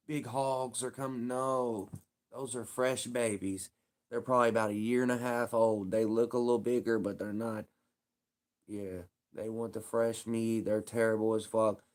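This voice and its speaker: A man holds forth on a livestream in loose, profane street talk, blunt and unbothered. His voice sits in an ordinary middle pitch, and he rambles on in easygoing, conversational stories. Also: a little mellow. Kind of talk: casual storytelling on a livestream.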